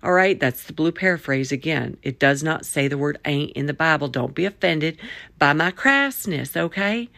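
A woman hosts her own faith-based podcast in a low voice, stretching key phrases out for emphasis. She talks in a folksy, preachy way and drifts into a playful Southern drawl. The sound is dry and close, with no room echo. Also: expressive, normal speed, vocal fry, a bit bright. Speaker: podcast host.

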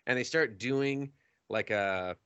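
A man co-hosting a podcast, casually retelling an anime episode with swearing, laughter and quick acted-out voices. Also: medium pitch, clean tone, no room sound. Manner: animated storytelling with swearing and laughter, acting out characters. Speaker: podcast co-host.

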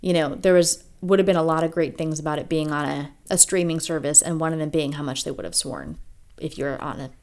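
A woman co-hosting a podcast in casual chat, talking with enthusiastic, animated energy. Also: sits low, brisk. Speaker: podcast co-host.

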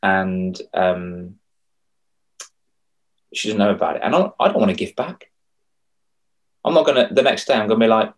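Lively man telling stories. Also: on the low side, moderate pace, long pauses. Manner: animated storyteller, acts out quoted voices. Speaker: confidence coach for kids. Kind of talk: casual podcast chat.

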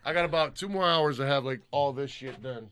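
A man co-hosting a casual podcast, talking loudly and profanely while he reads out listener shout-outs. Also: mid-range voice, a little fast, smooth. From Michigan. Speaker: podcast co-host.

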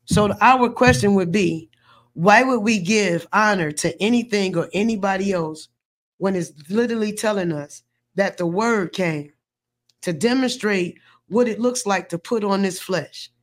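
On her faith podcast, a woman speaks in an unhurried, mid-range voice. Her delivery is preachy and emphatic, with repeated words that build toward her point.

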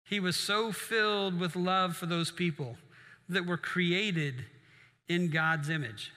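Bright-voiced preacher man in a reverberant hall. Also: high voice, slow pace. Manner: conversational preaching with asides to the congregation. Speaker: pastor. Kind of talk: sermon.

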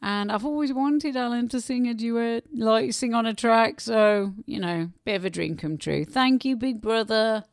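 A woman's voice: a little high, normal speed, creaky, few pauses, no room sound, clean studio sound. A woman with a Black Country accent, a musician chatting cheekily and self-deprecatingly in a casual radio interview. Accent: Black Country English. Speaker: musician guest.

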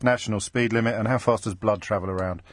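A man hosting a radio phone-in, bantering quickly with callers and often cutting himself off mid-phrase. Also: fairly low pitch, fairly even intonation, no echo. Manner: quick, teasing, self-interrupting. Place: radio studio. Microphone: studio microphone.

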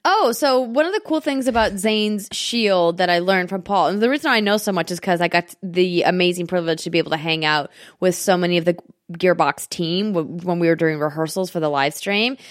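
A woman's voice: fairly low pitch, fairly quick, dry recording, clean studio sound. A woman co-hosting a gaming podcast, reading a sponsor ad upbeat and then explaining game details in casual chat. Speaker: podcast co-host.

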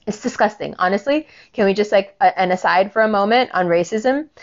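A woman's voice: brisk, dull audio. A woman in her forties in a casual, profane, angry monologue, acting out other people's lines as she retells a story. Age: 40s. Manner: profane, animated, quotes people in lowered voices.

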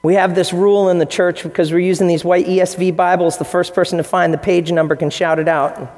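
In a large church hall, an earnest American pastor preaches briskly with a high-pitched, slightly mellow voice and fairly even intonation. He brings his quotes to life by shifting among different voices.

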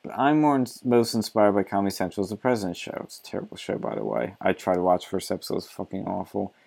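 A man's voice: low voice, lively intonation, fast talker, creaky, darkish tone, husky. A man reading an article aloud and mocking it with sarcastic, profane commentary, often laughing.

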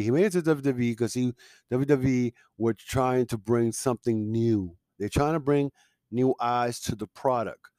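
A man's voice: medium pitch, normal speed, dark tone, dry recording. A man hosting a casual podcast, ranting in a heated, opinionated way with frequent fillers and restarts. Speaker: podcast host.

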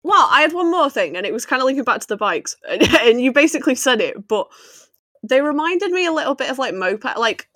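A woman's voice: high voice, very animated, a little fast, sharp tone, no echo. A woman co-hosting a podcast in casual chat, laughing often as she talks. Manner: giggly, chatty, often laughing. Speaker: podcast co-host.

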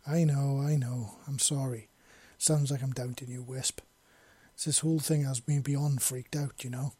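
A jittery young man on the run, read by a man, swearing through his nerves and apologizing. The voice is low-lit and husky, with a dry, close sound. He sounds scared but earnest. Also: steady tone, moderate pace, dark tone, no room sound, lightly acted. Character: nervous young man, escaped prisoner. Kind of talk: fan fiction audiobook reading.

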